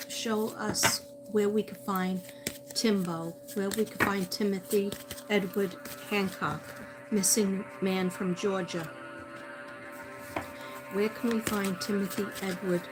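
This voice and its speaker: A woman psychic medium doing a livestream reading, calling out to a missing person and repeating his name as she searches. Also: medium pitch. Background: music.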